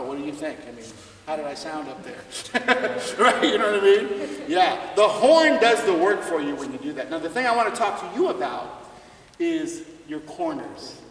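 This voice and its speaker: A man's voice: a little high, fairly bright tone. A man giving a jazz clinic to students, chatty and laughing, asking them questions as he teaches. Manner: conversational, asks students questions, laughs often. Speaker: visiting jazz trumpet clinician. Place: school music room or hall. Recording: echoey hall from far off.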